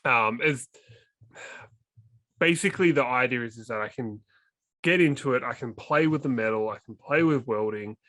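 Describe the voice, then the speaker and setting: A man's voice: mid-range voice, moderate pace, long pauses, a bit bright, no room sound. Chatty Australian man, dry sound. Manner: chatty, jokey, laughs often. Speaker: co-host. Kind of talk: casual podcast chat.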